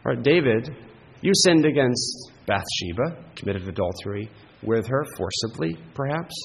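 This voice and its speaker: A man's voice: medium pitch, lively intonation, measured pace, creaky, slightly rough, big-room sound, low-quality recording. A man preaching a sermon as pastor, earnest and emphatic, often checking in with the congregation with a rhetorical "right?".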